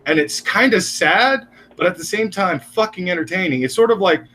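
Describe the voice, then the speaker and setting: Bright crude ranting streamer man. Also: high-pitched, normal speed. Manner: crude, animated, laughs mid-story. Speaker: stream co-host. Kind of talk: casual storytelling rant.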